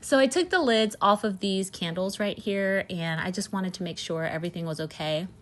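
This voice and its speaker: In her storytelling vlog, a woman who makes candles and owns a small business rambles along casually, leaning on "like" and "you know." She speaks in a mid-range voice at a moderate pace.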